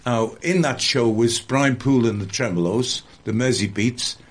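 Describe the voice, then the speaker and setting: Husky older man telling old stories. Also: mid-range voice, moderate pace. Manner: rambling, anecdotal, with frequent restarts. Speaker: guest entertainer and impressionist. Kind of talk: reminiscing in a conversational interview.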